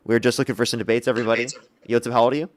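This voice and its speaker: A man's voice: mid-range voice, little pitch movement, very fast, no room sound. A man hosting a live-streamed debate, casual and teasing in manner. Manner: casual, teasing, laughs between lines. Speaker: livestream debate host.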